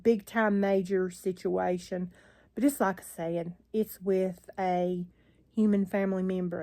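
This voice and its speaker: A woman's voice: mid-range voice, a little mellow. An older woman vlogging into her phone, chatting in a rambling, weary way with frequent sighs. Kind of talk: casual chat to camera.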